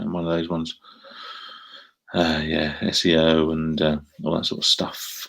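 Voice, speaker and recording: Deep gravelly essex guy chatting to his stream, laid back and rambly. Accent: Essex English. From England. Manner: chatty, rambling, reads out and answers viewer comments. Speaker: live streamer. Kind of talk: casual live-stream chat with viewers.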